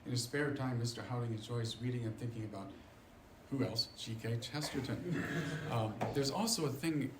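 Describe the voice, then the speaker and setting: A man's voice: medium pitch, moderate pace. A man hosts the event and introduces the guest speaker with loose, rambling asides and easy laughs. His voice sits in a middle range. The room is echoey, with faint noise underneath. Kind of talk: casual introduction. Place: lecture hall at a seminary.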